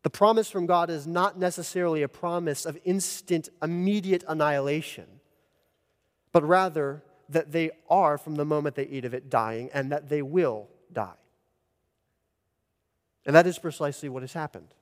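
Man, pastor, sermon, earnest expository delivery, somewhat high voice, long hall echo. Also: normal speed. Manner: earnest expository preaching, rises for emphasis. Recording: long church reverb.

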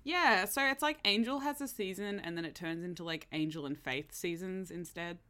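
Podcast co-host, woman, bright forceful tone, low-ish pitch, chatty. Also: normal speed. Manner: chatty, many fillers, laughs often. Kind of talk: casual chat.

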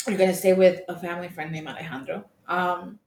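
A young Colombian woman on a podcast tells a candid personal story, swearing freely and mimicking the people she quotes. Her voice is fairly low, a little mellow and a little fast, with little pitch movement. The echoey room has faint ambience and slight background noise.

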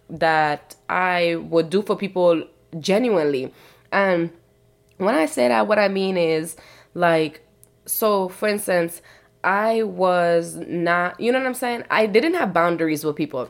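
A woman hosting her own podcast, talking through personal experiences in a casual, candid, self-reflective monologue, often checking in with "you know what I'm saying". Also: medium pitch. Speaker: podcast host.

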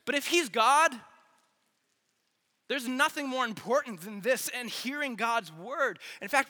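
A man preaching an earnest, energetic youth sermon, repeating phrases for emphasis, in a large church hall. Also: very high-pitched, normal speed. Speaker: youth pastor. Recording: long hall reverb.

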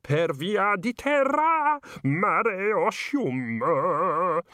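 A theatrical tenor crooning in his bath, put on by a male reader, slipping into a hammy put-on foreign accent. He sings high, slow and soaring, as if heard from a little way off. The sound is dry and close. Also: very animated, pushed and bright, no echo, heavily acted. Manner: singing, theatrical.

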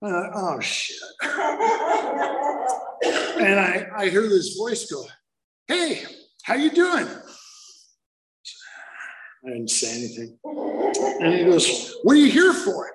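Slow halting man in an echoey room. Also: a little high. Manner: slow, halting storytelling with many fillers; wry, self-deprecating humor. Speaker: speaker sharing recovery story. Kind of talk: personal testimony at a recovery meeting. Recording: roomy, echoey recording.

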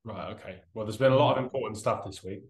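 A man's voice: lowish voice, fast, a little mellow, roomy sound. A man co-hosting a casual podcast, answering quiz questions with dry, rambling jokes. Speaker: podcast co-host, quiz contestant. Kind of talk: casual banter.

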